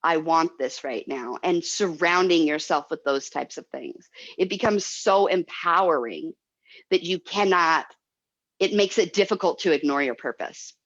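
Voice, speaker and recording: A woman's voice: fairly low pitch, normal speed, a bit bright, dull audio. A woman guest speaking in a heartfelt, emotional way, often repeating herself as she explains. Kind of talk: heartfelt motivational talk.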